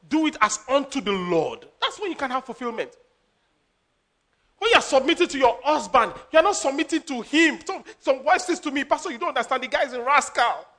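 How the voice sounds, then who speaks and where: A man preaching a sermon as a pastor, animated, laughing and acting out quotes. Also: extremely high pitch, normal speed.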